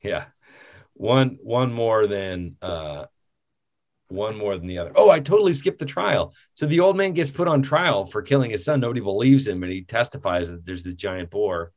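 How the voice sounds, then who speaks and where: Rambling, animated man talking movies. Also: lowish voice, moderate pace. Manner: rambling, animated, laughs often. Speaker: podcast co-host. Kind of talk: casual film discussion.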